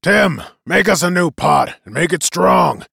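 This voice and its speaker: A blustering boat captain with a gruff, commanding voice, as a male narrator puts him on. He talks loud and drawn out, barking orders in a dry, close storybook reading. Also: mid-range voice, lively intonation, a little slow, dry recording, exaggerated voice.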